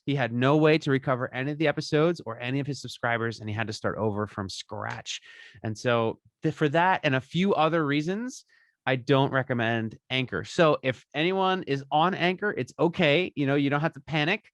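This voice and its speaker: A man appears as a guest on a podcast, handing out upbeat, chatty advice and ending his points with "right?" in a casual interview. His mid-range voice moves briskly, recorded with no echo.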